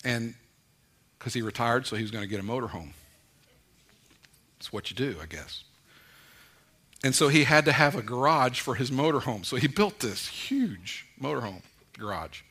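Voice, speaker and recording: A middle-aged man preaching a conversational sermon, mixing folksy stories and gentle humor into his points. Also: medium pitch, very animated, moderate pace, pauses often, slightly rough. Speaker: pastor.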